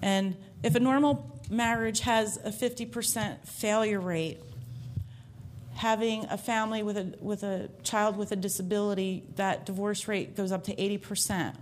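A woman's voice: mid-range voice, steady tone, moderate pace, slight background noise. A woman giving a heartfelt personal faith testimony to a church congregation, telling her story earnestly from the stage.

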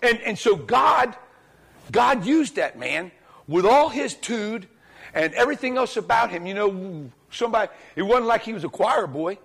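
A man preaching a sermon to a congregation in church, telling the story in a lively, colloquial way and acting out the dialogue. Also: high voice, moderate pace, vocal fry, breathy edge. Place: church, speaking before a congregation.

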